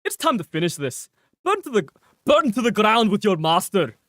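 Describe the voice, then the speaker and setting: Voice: mid-range voice, sing-song, normal speed, a bit bright, no room sound, studio quality. A streamer doing a cocky Irish mage warrior. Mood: grandiose. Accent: northern English. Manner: mock-grand chanting of battle lines. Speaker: streamer reading game dialogue.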